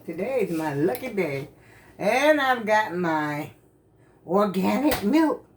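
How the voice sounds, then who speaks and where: A woman's voice: mid-range voice, sing-song, slow pace, a little hiss or hum. An older woman, chatting casually with viewers in her home kitchen, folksy and talkative. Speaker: vlogger.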